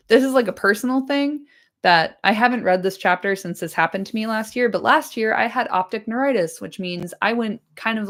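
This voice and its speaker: A woman streamer chatting casually to her live audience after a reading, enthusiastic and swearing freely, her voice slightly hoarse. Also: on the low side. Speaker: streamer reading a book aloud.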